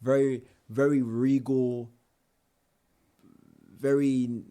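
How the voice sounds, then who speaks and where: A young man, a guest telling his own life story in a casual interview, animated, with slang and restarts. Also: medium pitch, very slow, long pauses.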